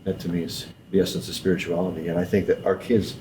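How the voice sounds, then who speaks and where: A man speaking thoughtfully in an interview, measured and pausing often with fillers. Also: sits low, little pitch movement, background noise. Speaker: interviewee in documentary footage. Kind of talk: reflective interview talk.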